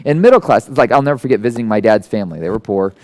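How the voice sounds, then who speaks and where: A man giving a conversational sermon who tells stories and acts out the people in them with sudden jumps into a high voice. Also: animated, racing, darkish tone. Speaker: guest speaker. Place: church hall.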